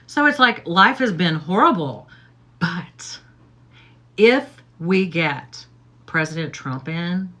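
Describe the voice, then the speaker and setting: A middle-aged woman chatting casually as she gets ready on a livestream. Her voice sits low yet has a bright, sharp edge. She rambles and keeps tossing in "okay?" and "like". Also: sing-song, slow pace. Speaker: livestream host.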